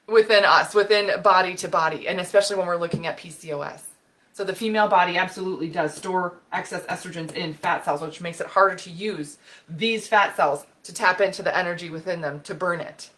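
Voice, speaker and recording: Fired-up woman health expert teaching. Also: on the low side. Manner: animated, gets fired up and loud, laughs; draws on a board while explaining. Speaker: women's health and hormone expert. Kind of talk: educational video talk.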